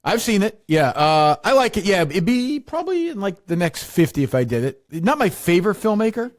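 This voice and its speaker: A man with a mid-range voice that talks fast and moves a lot in pitch, recorded dry. He co-hosts a casual movie chat and cuts in with skeptical remarks. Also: very animated, no room sound. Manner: quick, skeptical interjections. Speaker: podcast co-host.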